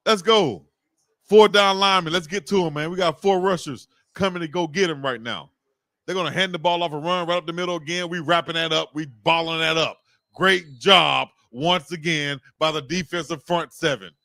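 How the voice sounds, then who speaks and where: A man hosting a live fan play-by-play stream, excitable and slangy, shouting and cursing as he calls the game. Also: fairly high pitch, normal speed, no echo, studio quality.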